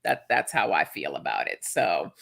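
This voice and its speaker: A woman co-hosting a casual tarot livestream, chatty and quick to laugh. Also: a bass voice, big pitch swings, creaky, fairly bright tone. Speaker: livestream co-host and tarot reader.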